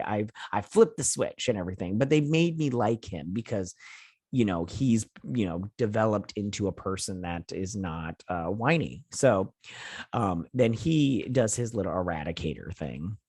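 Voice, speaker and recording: A man's voice: fairly low pitch, darkish tone, breathy edge, dry recording, studio quality. A man hosting a casual TV review, rambling through a retelling full of fillers, quoted lines and mild cursing. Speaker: host of a TV review channel. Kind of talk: casual episode recap and review.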